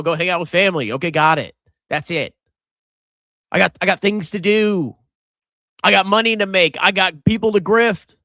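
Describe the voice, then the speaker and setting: A middle-aged finance livestream host reads superchats in a casual, sarcastic manner, poking fun at viewers and using silly voices. His high-pitched voice has a sharp tone, captured in clean studio sound with no room sound.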